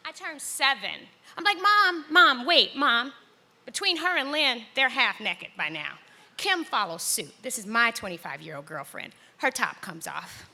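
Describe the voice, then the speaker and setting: A middle-aged woman telling a personal story on stage in a large hall, acting out the voices with big jumps in pitch. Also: big pitch swings, normal speed, creaky, sharp tone, a little hiss or hum. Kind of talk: live storytelling performance.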